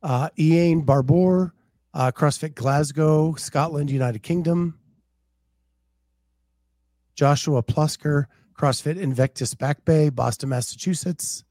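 A man's voice: on the high side, slow pace, dark tone, no echo. A man co-hosting a casual podcast, chatting in a laid-back way and reading out viewer comments. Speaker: podcast co-host. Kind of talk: casual chat.

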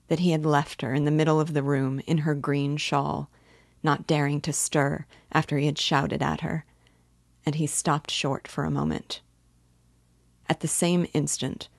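A woman teacher reading a novel aloud in a measured, even narration. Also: low-pitched, gravelly, dry recording, studio quality. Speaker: literature teacher.

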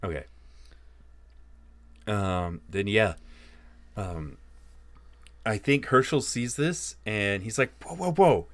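A man runs a tabletop horror game, narrating at an unhurried pace. His low voice swings lively in pitch. The sound is dry and close. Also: no echo. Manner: animated storyteller, laughs while narrating. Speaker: game master.

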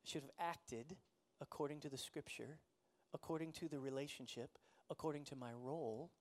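A man's voice: on the high side, moderate pace. A man in his forties preaching a conversational sermon, telling a story about himself and laughing often. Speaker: pastor.

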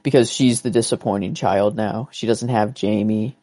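A man's voice: lowish voice, fairly even intonation, normal speed, mellow, dry recording. A man co-hosting a casual chat, talking enthusiastically and rambling with many restarts. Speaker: co-host.

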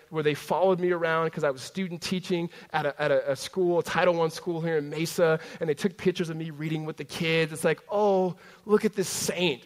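A young man preaching a sermon in a conversational way, often dropping to a hush and then rising loud again, with many fillers and restarts. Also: on the high side. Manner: conversational preaching with swings between loud and hushed; frequent fillers and self-interruptions. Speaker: pastor. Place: large room with a congregation.

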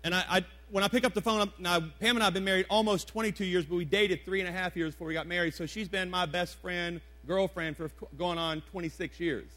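A pastor in his forties preaches in a church, his high voice loose and conversational. He repeats key phrases for emphasis and keeps asking the congregation questions. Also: steady tone, quick pace, hardly any pauses, fairly bright tone. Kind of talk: sermon. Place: church sanctuary before a congregation.

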